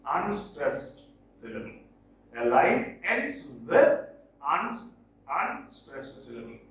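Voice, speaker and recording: A man, lecturing on poetry as a teacher, stressing and repeating key words slowly. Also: creaky. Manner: emphatic, repeats key words slowly, with lively pitch jumps. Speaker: English teacher. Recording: roomy echo, distant from mic.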